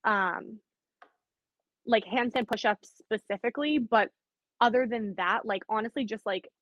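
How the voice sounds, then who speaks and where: A woman's voice: on the high side, a little slow, a bit bright, no room sound. A young woman from Canada with a light Canadian accent, a guest in casual chat, saying "like" a lot. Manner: casual, heavy use of "like", quotes herself. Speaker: podcast guest, athlete.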